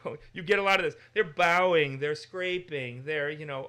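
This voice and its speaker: An American man with a bright, forceful voice teaches in an easygoing discussion. He is animated and lively, and now and then he slips into exaggerated voices to make a point. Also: fairly high pitch, moderate pace. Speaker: Bible teacher.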